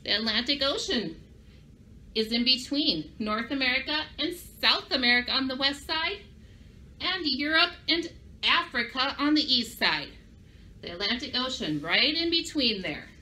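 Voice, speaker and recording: Bright, upbeat woman teaching kids. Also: sits high, lively intonation, normal speed. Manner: upbeat, speaks directly to young children. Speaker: librarian. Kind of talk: children's craft and story lesson.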